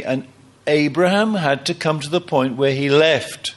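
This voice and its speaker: A man's voice: on the high side, a little slow. A man preaching a sermon, emphatic, often acting out quoted lines.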